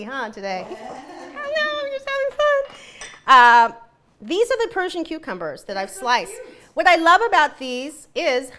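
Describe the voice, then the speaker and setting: A woman's voice: high voice, pushed and bright. A woman hosting a live cooking demonstration, chatty and giggly. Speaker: cooking show host.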